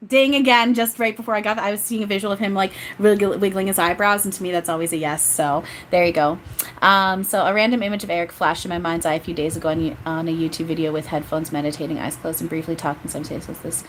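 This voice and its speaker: A woman's voice: lowish voice, steady tone, quick pace, slight background noise. Giggly chatty woman medium. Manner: chatty, giggly, rambling with frequent laughs. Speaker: psychic medium. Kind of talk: casual livestream channeling reading.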